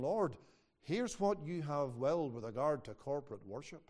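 A man's voice: on the high side, animated, normal speed, mellow. A man preaching a sermon, earnest and emphatic, quoting Scripture at length. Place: home, away from the usual church.

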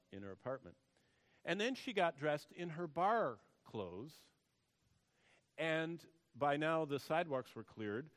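A man preaching a sermon and telling a story, dropping to a hush and then rising to loud emphasis. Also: medium pitch. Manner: storytelling, swings between hushed and loud emphasis. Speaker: pastor. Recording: long hall reverb.

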